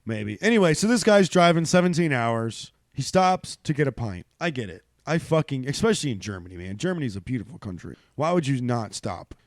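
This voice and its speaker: A man's voice: medium pitch, brisk, few pauses, no room sound, clean studio sound. A man co-hosting a casual comedy podcast, swearing and joking as he talks. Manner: animated, swearing, laughs a lot. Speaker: podcast co-host.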